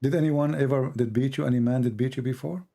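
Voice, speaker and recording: Male debate host on a live stream, mid-pitched, combative, hammers questions and reads quotes deliberately. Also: steady tone, vocal fry, dark tone. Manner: argumentative, presses with repeated questions.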